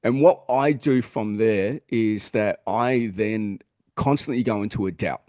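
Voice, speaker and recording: Blunt Australian man, low voice. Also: unhurried, a little mellow, dry recording, clean studio sound. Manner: blunt, swears freely, earnest. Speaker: podcast co-host. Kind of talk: casual chat.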